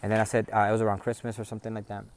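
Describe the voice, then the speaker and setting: Man, low rambling voice. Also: monotone, very fast. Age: adult, a father. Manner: rambling, conversational, many fillers and restarts. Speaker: family storyteller. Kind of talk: personal tribute story.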